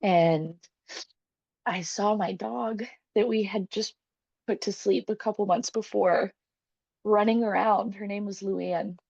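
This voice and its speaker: A woman's voice: medium pitch, steady tone, takes it slowly, vocal fry, darkish tone, breathy edge, dry recording. A young woman telling a personal story as a podcast guest, candid and emotional, swearing freely and laughing often. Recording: dull, dry, lo-fi podcast sound.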